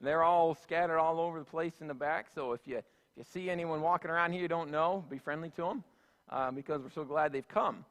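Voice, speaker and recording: A man's voice: fairly high pitch, a little fast, a bit bright, muffled recording. A man giving a sermon as senior pastor, folksy and conversational, with plenty of asides and fillers. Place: church sanctuary. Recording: echoey church hall.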